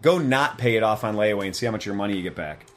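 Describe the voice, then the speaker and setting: A man's voice: lowish voice, expressive, racing, a bit bright, a little hiss or hum. A man who runs a motorcycle shop, chatting casually and bluntly, with some swearing. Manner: blunt, profane, opinionated. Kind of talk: casual podcast chat.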